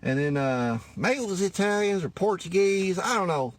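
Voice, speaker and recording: High-voiced and lively in intonation, this Cajun-accented man from Louisiana speaks at a moderate pace in a dry recording. His comedic monologue is folksy and profane, full of "anyways" and "y'all," and he keeps losing his thread as he rambles.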